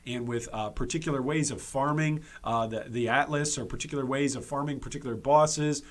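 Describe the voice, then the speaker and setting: A man's voice: medium pitch, brisk. Emphatic man hosting gaming commentary. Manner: emphatic, repeats points for stress; frequent restarts and fillers. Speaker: gaming video host. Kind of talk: opinion commentary video.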